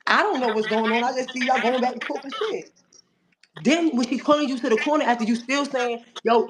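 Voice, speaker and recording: A woman with a fairly high voice rattles through a heated story at a brisk clip. She talks bluntly and swears freely, acting out what others said. Faint noise hums behind her. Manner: blunt, profane, fast retelling with acted-out quotes. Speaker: guest on a live audio room. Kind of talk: heated casual talk.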